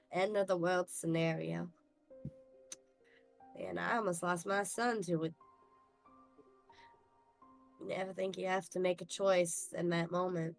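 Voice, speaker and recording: A woman playing a blunt, down-to-earth dwarf parent in a tabletop game, speaking casually. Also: fairly low pitch. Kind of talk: tabletop role-play.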